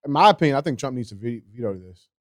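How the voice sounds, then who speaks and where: A man with a mid-pitched voice who chats bluntly and swears freely. He tells his stories in an offhand way, with casual asides. The recording is dry and close. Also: lively intonation, rapid-fire, no echo. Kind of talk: casual chat.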